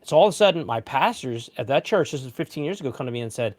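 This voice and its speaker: A man in his forties, a pastor hosting a casual livestream chat, telling a story with lively, self-mocking asides. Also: medium pitch, fast talker. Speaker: pastor and show host.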